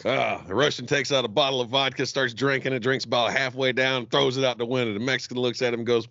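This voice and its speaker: A man's voice: mid-range voice, fairly even intonation, quick pace, hardly any pauses, bright, forceful tone, no echo. A man on a podcast telling crude bar jokes in a casual, profane way, laughing at his own punchlines. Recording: dull lo-fi dry podcast audio.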